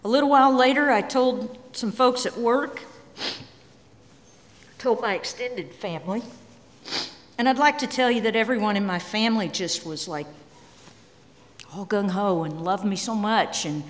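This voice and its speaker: A middle-aged woman giving a candid, emotional personal talk on stage, swinging between quiet and emphatic. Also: mid-range voice, measured pace, pauses often. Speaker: speaker. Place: large hall. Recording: long hall reverb.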